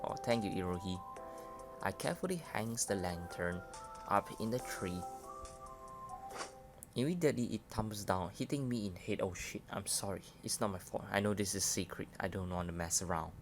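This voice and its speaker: A man's voice: fairly low pitch, moderate pace. A man casually reading a dating game aloud, stumbling over words now and then. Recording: voice over loud game music. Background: game music.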